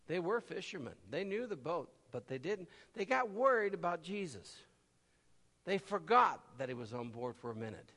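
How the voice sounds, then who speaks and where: A man preaching a sermon, swinging from loud cries to low murmurs and acting out the voices of people in his stories. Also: big-room sound.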